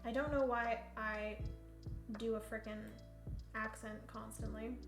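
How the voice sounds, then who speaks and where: A high-voiced woman plays a board game solo on a live stream, counting pieces and reasoning through her moves out loud. Her voice rings in a roomy space with faint music underneath. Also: fairly even intonation, measured pace. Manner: chatty, thinks aloud while counting and reading rules; greets chat viewers playfully.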